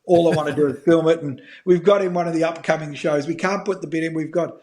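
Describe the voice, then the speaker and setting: Chatty Australian man, high voice. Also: fast. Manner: animated storyteller, swears freely. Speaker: guest, fishing filmmaker. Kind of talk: casual podcast chat.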